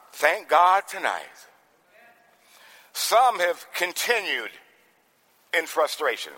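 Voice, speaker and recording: A man preaching a sermon as pastor, swinging from soft talk to shouting. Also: a little high. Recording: long hall reverb.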